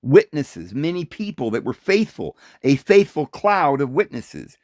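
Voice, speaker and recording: A man giving an informal Bible commentary, animated and full of rhetorical questions and short chuckles. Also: on the high side, a little slow, dry recording, clean studio sound. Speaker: Bible teacher.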